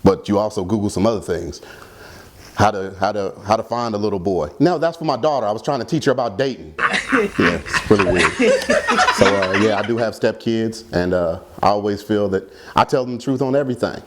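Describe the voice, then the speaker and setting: A man's voice: lowish voice, expressive, a little fast, very noisy. A man performing stand-up comedy about his kids, with a rambling, self-deprecating delivery.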